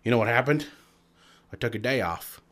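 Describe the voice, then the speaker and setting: A man co-hosting a podcast, delivering puns in a dry, deadpan way in casual chat. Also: medium pitch, a little fast. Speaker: podcast co-host.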